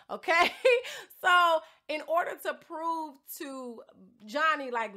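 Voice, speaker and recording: A woman's voice: sits high, expressive, measured pace, sharp tone. A young woman hosting a casual recap podcast, telling the story in a chatty, slangy way and laughing often. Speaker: podcast host recapping a reality show.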